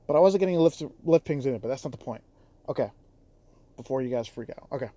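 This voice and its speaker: Dude venting hard on his driver vlog, swears a lot, middle pitch voice. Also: expressive, fast talker, mellow, no room sound. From Chicago area. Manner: heated, profane, exasperated. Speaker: rideshare driver vlogger. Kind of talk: casual ranting vlog.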